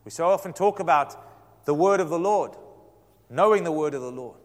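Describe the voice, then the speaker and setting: Higher-voiced pastor preaching in a reverberant hall. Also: male voice, moderate pace. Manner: animated storytelling with dramatic quoted voices. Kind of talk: sermon. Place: church sanctuary.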